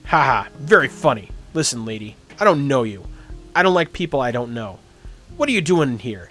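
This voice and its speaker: A man voicing a brusque middle-aged man with a Midwestern accent in a video game, clipped and a little louder than his own voice. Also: medium pitch, sing-song, normal speed, soft background music. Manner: gruff and clipped, then loud and cheery.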